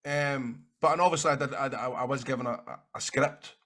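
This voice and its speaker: A man with a Scottish accent, a guest in an interview, telling rambling, animated stories and swearing freely. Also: medium pitch, fairly quick. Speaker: interview guest, actor and wrestler. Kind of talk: casual anecdotal storytelling.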